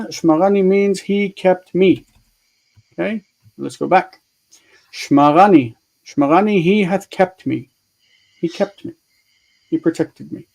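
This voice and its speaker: A man's voice: high-pitched, creaky, dark tone, rough recording. A man teaching a live online grammar lesson over a video call, explaining step by step and thinking aloud as he works his screen. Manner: chatty, thinks aloud while fiddling with screen tools; patient step-by-step explaining with repeated examples.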